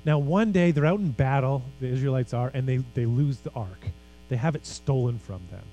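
A man's voice: medium pitch, fairly quick, mellow, lo-fi sound. A man preaching a sermon as pastor, earnest and emphatic, with casual conversational asides.

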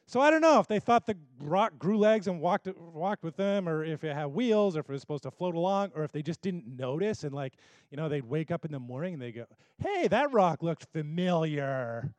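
A man's voice: a little high, animated, a little fast, darkish tone, no room sound. A man preaching a sermon who talks animatedly and acts out the voices of the people he quotes. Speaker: pastor.

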